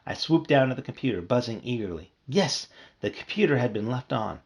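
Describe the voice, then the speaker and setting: A man reads a children's scary story aloud with lively, expressive narration. His voice has a rough, gravelly texture at a middle pitch. Steady and engaged as the tale unfolds. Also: brisk. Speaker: reader. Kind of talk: reading a children's horror book aloud.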